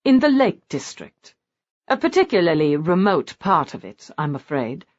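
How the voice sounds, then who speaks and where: A man's voice: on the high side, wildly swooping pitch, moderate pace. A woman reading the part of a brooding, silken-voiced lord with a bad leg, dry and mocking in tone, on a dull lo-fi recording.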